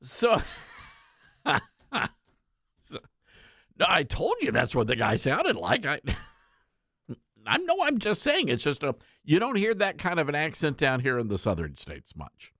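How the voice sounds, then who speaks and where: A man's voice: a little high, huge pitch swings, measured pace, long pauses, pushed and bright, dry recording, studio quality. A man hosting a radio talk show, chatting in a rambling way with frequent fillers.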